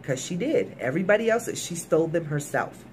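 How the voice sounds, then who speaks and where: A woman's voice: fairly low pitch, expressive, fairly quick, darkish tone, a little hiss or hum. Emphatic woman recapping a TV episode. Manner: emphatic, colloquial, talks straight to viewers. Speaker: TV episode reviewer.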